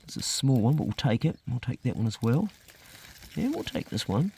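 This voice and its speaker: A man's voice: mid-range voice, very animated, moderate pace, vocal fry, darkish tone, slight background noise. A man with a New Zealand accent, chatting upbeat about his homestead garden outdoors as he films a vlog. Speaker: homesteader vlogger. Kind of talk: casual vlog narration.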